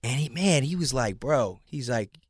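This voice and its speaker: A man as a podcast guest, telling animated stories with lots of swearing and acted-out quotes. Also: medium pitch, moderate pace, breathy edge, dry recording. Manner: animated storyteller, heavy swearing, acts out quotes. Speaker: guest rapper. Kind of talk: casual interview chat.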